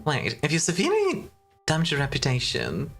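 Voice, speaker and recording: A woman's voice: deep voice, huge pitch swings, a little fast, husky, soft background music. A young woman streaming a game in casual chat, playful and self-mocking, often breaking into laughter.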